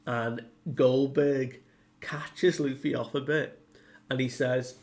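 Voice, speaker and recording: Male reviewer, slow easygoing recap, loose and rambling, many "like"s. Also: medium pitch, steady tone, a little mellow. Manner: rambling, heavy use of "like", paraphrases characters. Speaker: manga reviewer. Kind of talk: casual chapter recap.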